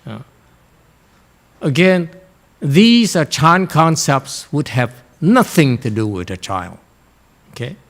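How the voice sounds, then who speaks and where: A man teaching Chan meditation to students in a Dharma lecture, blunt and direct, often pausing to check in. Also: fairly high pitch, big pitch swings. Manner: blunt, frequently checks in with "Okay?".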